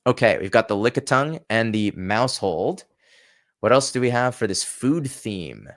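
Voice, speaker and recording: Chatty low-voiced male livestream host. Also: lively intonation, normal speed. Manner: chatty, thinking aloud, many restarts. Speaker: channel host. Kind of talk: casual livestream chat.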